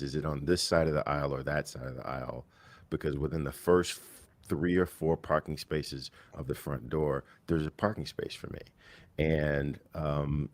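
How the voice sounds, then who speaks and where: A man with an extremely deep voice tells a casual, self-mocking story on a live online panel. He is wry and amused and uses a lot of fillers. The sound is dry and close, with no room echo. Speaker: mastermind panel member.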